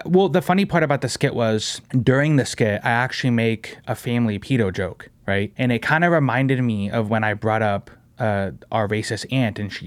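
A man hosting a casual podcast, rambling fast with lots of "bro" and "you know what I mean," slipping into mocking impressions of commenters. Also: lowish voice, no echo. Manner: slips into mocking voices of commenters. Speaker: podcast host.

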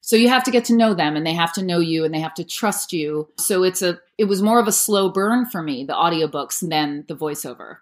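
A woman's voice: fairly low pitch, expressive, brisk, few pauses. A woman in her thirties, an audiobook narrator, answering interview questions in a chatty way with many "like" fillers.

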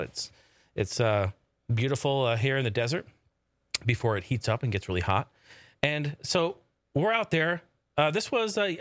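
Profane, animated man telling a story. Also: medium pitch, no room sound, clean studio sound. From family from Oregon. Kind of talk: casual storytelling. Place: home in the desert.

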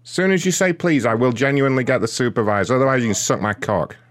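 A man's voice: mid-range voice, lively intonation, quick pace. A man making a prank call as a rude customer service agent, insulting and taunting the customer in a smug way.

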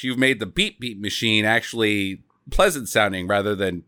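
A man's voice: mid-range voice, moderate pace, few pauses, clean tone, no echo, clean studio sound. A man casually recapping a movie plot on a podcast, joking and swearing as he acts out scenes. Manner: joking, profane, animated retelling with mimicked lines. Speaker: podcast co-host.

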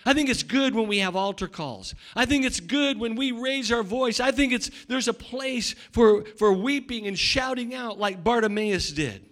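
A middle-aged male pastor preaching a sermon, swinging between loud shouting and quiet asides, often repeating words and restarting. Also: very high voice, normal speed, hardly any pauses.

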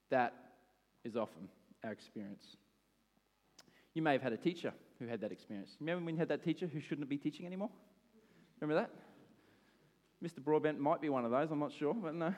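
A middle-aged pastor preaches, telling his own stories with animation and acting out his shouts. His voice sits a little high for a man. It rings with the long reverb of a large hall. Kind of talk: sermon with personal stories.

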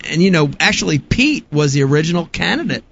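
A man's voice: a little high, very animated, quick pace, creaky, fairly bright tone, slightly rough, lo-fi sound. A man hosting a live fishing show, joking and laughing between sponsor reads. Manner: joking, laughs often, self-mocking.

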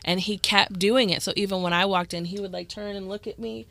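A woman co-hosting a morning radio show, telling stories in an animated way, laughing often and acting out the voices in them. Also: medium pitch, fairly quick, creaky, background noise. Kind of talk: storytelling in casual radio chat. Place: radio studio. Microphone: studio microphone.

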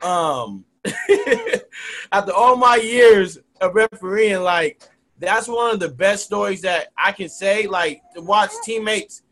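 Rambling male ref and teacher, high voice, full of likes and you knows, casual interview guest. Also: slow pace, fairly bright tone. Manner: rambling, heavy use of "like" and "you know". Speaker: youth football referee and teacher.

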